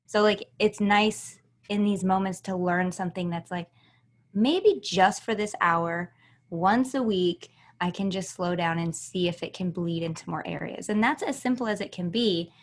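A woman's voice: lowish voice, normal speed. A woman hosting a podcast who talks in an enthusiastic, effusive, casual way. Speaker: podcast host. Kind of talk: casual chat.

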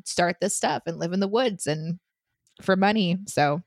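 A woman's voice: on the low side, expressive, unhurried, creaky, a little mellow, no echo, studio quality. A woman co-hosting a casual podcast chat, chatty and laughing often, with many fillers. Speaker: podcast co-host, writer.

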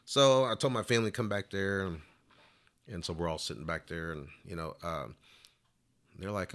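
A man's voice: on the low side, moderate pace, a bit bright. A man telling a long story in casual interview talk, rambling along with plenty of "you know" fillers. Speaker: flute player telling a story.

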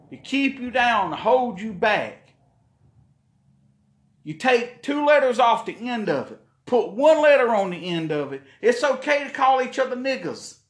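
A man's voice: high-pitched, fairly bright tone, roomy sound. A man from South Carolina, hosting a podcast in a heated, profane, rambling rant. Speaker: podcast host. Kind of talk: ranting monologue.

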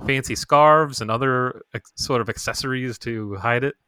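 A man's voice: medium pitch, normal speed, pushed and bright, clear, resonant tone, no room sound. A young adult man co-hosting a podcast, recapping an episode in casual chat, teasing and with many filler words. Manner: teasing, many "uh" fillers when reading notes. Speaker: podcast co-host.

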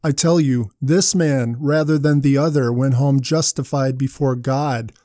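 A man's voice: medium pitch, steady tone, unhurried, dark tone, no echo, studio quality. A man preaching a sermon in a conversational way, asking his listeners questions as he retells parables.

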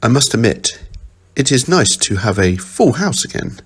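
A man's voice: mid-range voice, very animated, moderate pace, husky. Man playing a kindly elderly butler. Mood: warm. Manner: polite, formal. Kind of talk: audio fan fiction reading.

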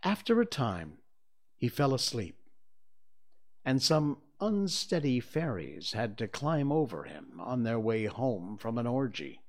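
A man reading a children's book aloud, taking his time over every sentence. His pitch rises and falls in a lively, expressive way. It has the measured, warm-hearted pacing of a regular read-aloud session. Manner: unhurried and expressive. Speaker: reader of a serialized book. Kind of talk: storybook read-aloud narration.

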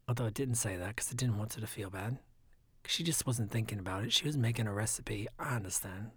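Husky, half-whispering man with a phlegmy throat. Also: fairly low pitch, expressive, quick pace, no room sound, studio quality. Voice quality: raspy. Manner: soft, often half-whispered, rambling. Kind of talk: casual monologue.

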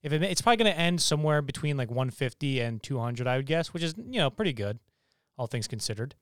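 Young male co-host, lively review banter, clean dry mic. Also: mid-range voice, no echo. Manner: animated, quick asides and self-corrections. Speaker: podcast co-host. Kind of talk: casual movie review chat.

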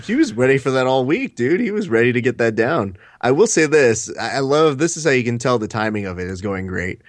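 A man's voice: mid-range voice, sing-song, brisk, no echo, clean studio sound. A man co-hosting a podcast, sarcastic and often acting out mock quotes. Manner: sarcastic, mock-quoting people. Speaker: podcast co-host. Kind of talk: casual chat.

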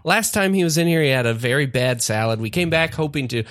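Exasperated guy in an improv bit, keeps telling his friend to stop, lively voice. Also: fairly high pitch, fast, dry recording. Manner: exasperated, scolding straight man. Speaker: improv comedian. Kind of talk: improv comedy scene.

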